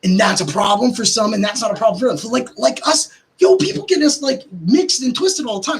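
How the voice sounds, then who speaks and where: A man hosting a podcast, ranting casually and swearing, his pitch jumping up when he gets worked up. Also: expressive, a little fast, background noise. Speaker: podcast host.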